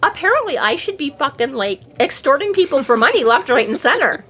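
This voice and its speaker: A woman's voice: sits high, sing-song, measured pace, fairly bright tone. A woman co-hosting a book podcast in casual chat, swearing freely and acting out the characters' lines. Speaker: podcast co-host.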